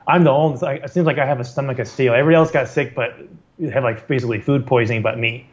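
A man's voice: medium pitch, very fast. Man telling a story, muffled recording. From California. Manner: restarts and repeats words, energetic, self-deprecating humor. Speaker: guest telling his story. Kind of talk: casual storytelling. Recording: slightly dull, muffled recording.

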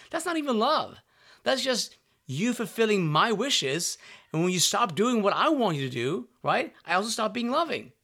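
Male motivational speaker, slightly high voice with a very animated melody, earnest and direct, keeps asking if you're with him. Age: adult parent. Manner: earnest, keeps checking in with the listener with "right?" and direct questions. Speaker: self-help speaker. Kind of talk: motivational monologue.

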